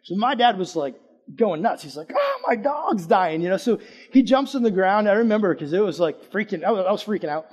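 A man's voice: high-pitched, fast talker. A man preaching a casual sermon, chatty and conversational, asking the audience questions and telling a personal story. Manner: lively, swings between loud emphasis and hushed asides.

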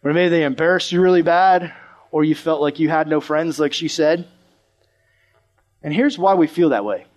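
A man preaching to a live audience, telling a story in a lively way and acting out the voices of the people in it. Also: a little high, moderate pace, long pauses. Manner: animated, acts out the voices of the people in his stories.

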